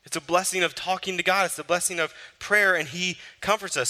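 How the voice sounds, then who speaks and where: A man preaching a sermon as a pastor, building with repetition and dropping low and soft to read scripture. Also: fairly even intonation, a little fast, few pauses, long reverb tail.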